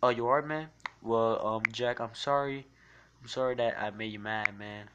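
A man livestreaming a shooter game, rambling and swearing as he reads and answers his chat in a jokey, excitable way. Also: mid-range voice, moderate pace, dull audio, slight background noise. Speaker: game streamer. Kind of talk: casual livestream commentary reading chat. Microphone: phone mic while gaming.

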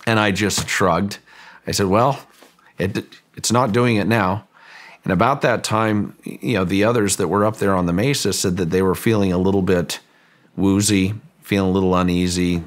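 Deep-voiced man telling a story haltingly. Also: steady tone. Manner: halting, often repeats words while telling a story. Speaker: guest, ranch owner recounting a story. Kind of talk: interview storytelling.

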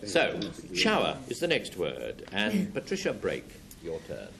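A man hosting a panel game show, moving the rounds along with brisk, dry, teasing patter. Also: lowish voice, huge pitch swings, vocal fry, crowd noise. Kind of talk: quizmaster patter. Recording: noisy old broadcast with loud studio audience.

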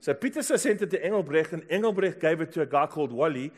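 A middle-aged South African man preaching in a church. His voice sits a little high for a man, and he tells stories in a lively way, dropping to near-whispers and then rising to loud calls. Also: fast talker. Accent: South African English. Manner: storytelling, swinging from hushed to loud exclamations. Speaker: pastor. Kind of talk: sermon.

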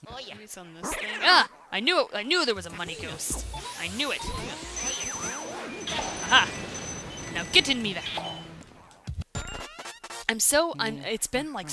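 A woman casually commenting on a video game as she plays, chatty and excitable, breaking into sudden loud exclamations and silly rhymes, on a home mic without a pop filter. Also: lowish voice. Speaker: let's play host. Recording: game music behind voice. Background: game music.

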